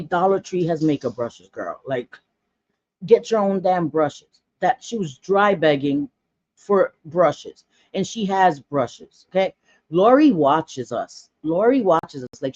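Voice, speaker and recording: A woman's voice: fairly low pitch, a little mellow, no echo. Forties woman vlogger, blunt gossipy chatter, dry, slightly dull home recording. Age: 40s. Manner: blunt, gossipy, dramatic asides. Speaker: makeup vlogger. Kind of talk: casual chatty makeup tutorial.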